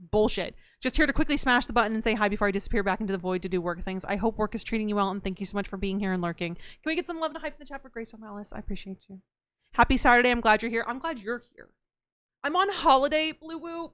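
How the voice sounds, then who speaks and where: A woman's voice: fairly high pitch, fairly bright tone, dry recording. A young woman streaming a game, chatting casually with her viewers in a playful, profane and self-mocking way. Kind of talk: casual live-stream chat, reading out chat messages.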